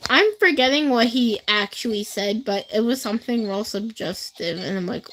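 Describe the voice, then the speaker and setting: A woman's voice: fairly high pitch, moderate pace, fairly bright tone, poor audio. A teenage girl livestreaming, telling school stories to her chat in a rambling, casual way, full of fillers. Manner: chatty, rambling, many fillers, speaks straight to chat. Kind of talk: casual storytelling to a live chat.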